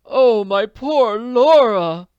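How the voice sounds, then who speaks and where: A man's voice: high-pitched, lively intonation, unhurried, no room sound, dull audio, pitched above the performer's own voice. A man reading an audiobook, voicing an ailing, distressed middle-aged man in a pleading, overwrought manner. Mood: distraught. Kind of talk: audiobook character voice.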